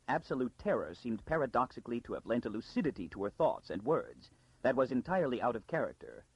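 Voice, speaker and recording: Gravelly husky male audiobook narrator. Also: mid-range voice, a little fast, no room sound, highs cut off. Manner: dramatic, lively storytelling. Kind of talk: scripted narration.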